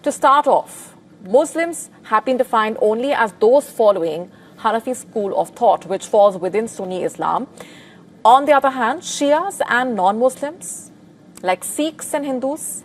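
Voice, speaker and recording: Woman newsreader, formal, measured, kinda high voice. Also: lively intonation, a little hiss or hum. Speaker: news presenter. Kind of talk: scripted news report.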